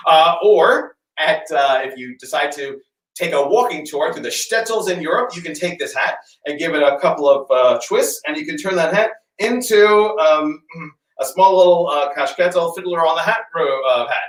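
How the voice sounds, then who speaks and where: Brief: male magician, comic patter full of fillers, somewhat high pitch, echoey room, off-mic. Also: expressive. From United States. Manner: chatty, halting with many fillers. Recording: roomy sound, distant from the mic.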